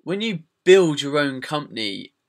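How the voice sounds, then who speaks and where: A man's voice: on the high side, very animated, measured pace. A British man hosting a podcast in casual, rambling chat, with frequent fillers and the odd swear word. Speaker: podcast host.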